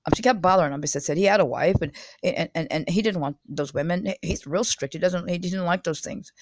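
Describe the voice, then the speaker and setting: A woman rattles on quickly in a gravelly voice, stumbling over repeated words and restarting her sentences. She sounds agitated and insistent as she talks straight to her viewers. The sound is dry and close. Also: on the low side, no room sound. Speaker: self-published video speaker. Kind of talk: rambling direct-address monologue.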